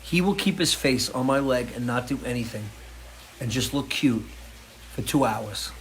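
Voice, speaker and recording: A man chatting casually and crudely from his porch, his voice at an ordinary middle pitch. He jokes around and talks to his dogs, with faint outdoor ambience behind him. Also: animated, normal speed, slight background noise. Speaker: host. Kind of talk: casual live-stream chat. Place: home porch.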